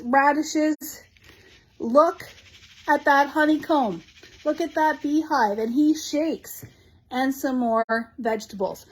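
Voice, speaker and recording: Bubbly, high-voiced woman host. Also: poor audio. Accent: Canadian English. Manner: bubbly and gushing, quick asides to viewers. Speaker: shop host showing new craft products. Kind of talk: live product showcase chat.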